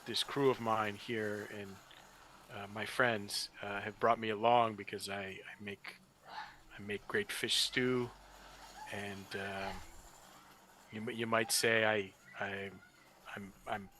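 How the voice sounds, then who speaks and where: Man doing meek fishmonger, soft and halting, low bright voice, faint background noise. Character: humble male fishmonger healer. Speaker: player.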